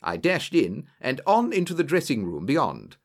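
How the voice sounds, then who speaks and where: Man reading a story with lively pitch. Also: moderate pace. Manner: lively storytelling with varied character voices. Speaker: audiobook narrator. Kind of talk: scripted narration.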